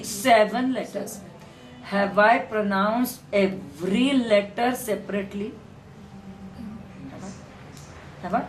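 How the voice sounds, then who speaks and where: A woman speech therapist with an Indian English accent, coaching a child one-on-one with firm, repetitive instructions and letters spelled out slowly. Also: mid-range voice, echoey room, slight background noise, low-quality recording.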